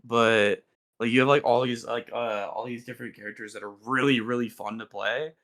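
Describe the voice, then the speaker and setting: Young guy co-host, casual gamer rant, filler-heavy and excitable, mid-pitched voice. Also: brisk. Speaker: podcast co-host. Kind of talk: casual podcast chat.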